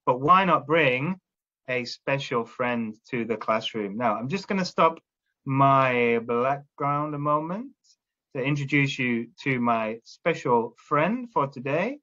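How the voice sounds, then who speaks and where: A man's voice: mid-range voice, expressive, takes it slowly, bright, forceful tone, lo-fi sound. A man training teachers, explaining classroom drilling step by step and often checking in with "okay?". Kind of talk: instructional talk to teachers.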